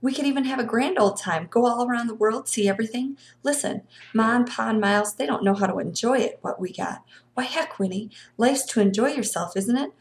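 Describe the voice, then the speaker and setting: A woman's voice: on the high side, fairly quick, lightly acted. Woman doing eager young country boy Jesse. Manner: eager, coaxing, folksy speech. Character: earnest seventeen-year-old country boy.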